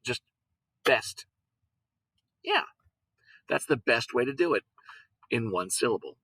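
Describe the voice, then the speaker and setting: A man teaching a lesson at an unhurried pace, repeating words and breaking them into sounds. His voice is bright and forward. The recording is dry and close. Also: mid-range voice, very animated, slightly rough, dry recording, low-quality recording. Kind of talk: recorded classroom lesson on syllables.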